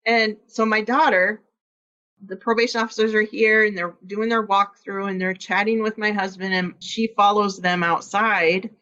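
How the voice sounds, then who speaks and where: A woman's voice: mid-range voice, fairly even intonation, normal speed, fairly bright tone, muffled recording. A woman from Iowa, a podcast guest, candidly telling a personal story and acting out quoted dialogue.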